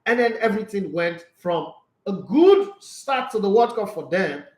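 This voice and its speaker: Brief: high-pitched Nigerian male sports host, outspoken and emphatic, echoey room. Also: animated, normal speed, darkish tone. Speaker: sports talk show host. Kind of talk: casual sports commentary, reading viewer comments.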